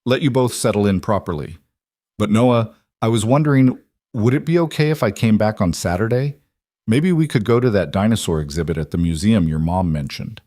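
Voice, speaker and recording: A man voicing a calm, earnest father. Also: fairly low pitch, brisk, no echo, clean studio sound. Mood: gentle. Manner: calm, reassuring.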